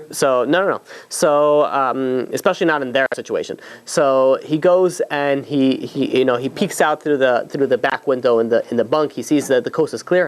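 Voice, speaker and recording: A man, a rabbi, telling a long story in a loose, conversational way, full of fillers and restarts. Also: mid-range voice. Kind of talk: storytelling talk.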